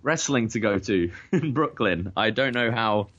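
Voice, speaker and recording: A man's voice: on the low side, animated, unhurried, a bit bright, lo-fi sound. A man with an English accent co-hosting a casual podcast chat, joking and laughing often. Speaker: podcast co-host. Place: living in Toronto area.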